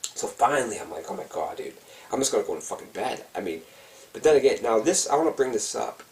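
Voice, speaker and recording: A man's voice: medium pitch, expressive, quick pace, a little mellow, recorded from a distance, poor audio. A man telling a personal story in a casual, intense, heavily profane way, acting out his own frantic thoughts. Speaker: vlogger. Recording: voice set back from the mic.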